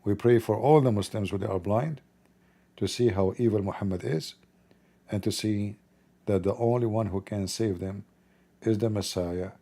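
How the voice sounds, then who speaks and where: Middle-aged man, livestream host, low gravelly voice, dark tone, blunt and preachy, broken grammar. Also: moderate pace. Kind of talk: casual livestream chat and preaching.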